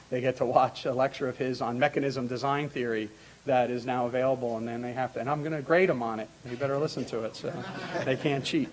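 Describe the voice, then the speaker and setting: A man's voice: mid-range voice, low-quality recording. Rambling male conference moderator. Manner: rambling, many fillers and restarts. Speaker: academic moderator. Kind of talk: introductory remarks at a conference.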